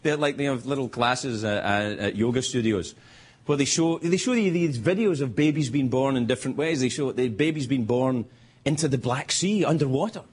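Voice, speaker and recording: With a slightly high, husky voice, a middle-aged man hosting a late-night show gives a rambling stand-up monologue, cutting himself off and chuckling at his jokes. The noisy recording from the TV studio carries the live audience's laughter.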